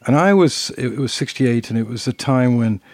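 A man's voice: medium pitch, brisk, no echo, clean studio sound. An older British man co-hosting a podcast, telling anecdotes in casual conversation and acting out the quotes. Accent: British English. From Britain. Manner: animated storyteller who acts out quotes. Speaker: podcast co-host.

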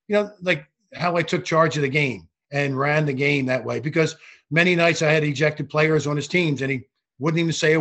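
An older man, a retired basketball referee, telling animated stories from his career in an interview. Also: on the high side. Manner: animated anecdotal storytelling with frequent restarts. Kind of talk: storytelling interview.

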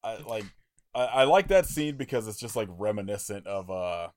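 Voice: mid-range voice, animated, normal speed, darkish tone. A podcast co-host in casual horror-film chat, laid-back and wry.

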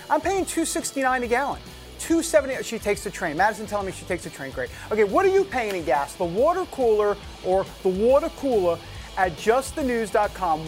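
A man hosting a talk show, joking and chatting in asides to his crew. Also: high-pitched. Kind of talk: casual talk show chat.

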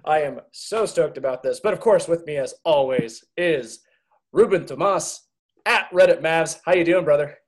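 A man hosting a sports podcast in excited, loud casual chat, laughing often. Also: fairly high pitch, moderate pace. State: voice strained from shouting. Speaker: podcast host.

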